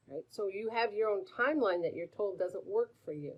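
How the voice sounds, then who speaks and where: A middle-aged woman hosting a live stream, coaching in a chatty, animated way, greeting viewers by name and asking many questions. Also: mid-range voice, normal speed, husky. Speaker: host answering viewer questions. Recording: dull lo-fi stream audio.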